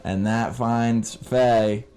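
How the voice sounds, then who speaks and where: A man's voice: medium pitch, steady tone, very slow, background noise. A man playing a tabletop game, talking in a laid-back way. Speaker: player. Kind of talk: casual play at the table.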